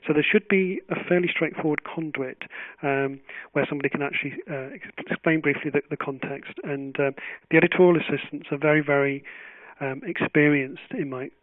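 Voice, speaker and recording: A man answers questions in a webinar as a journal editor. His voice sits a little high, and he is thoughtful and measured, restarting his phrases often. The audio is tinny, phone-like and dry. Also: fairly even intonation, no room sound.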